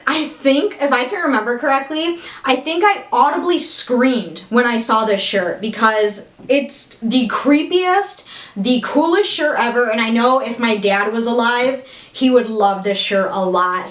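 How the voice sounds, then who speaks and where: Young woman vlogger, high-ish voice, gushing and excitable, roomy echo. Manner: gushing, excitable, swears casually. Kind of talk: casual haul vlog. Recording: echoey room.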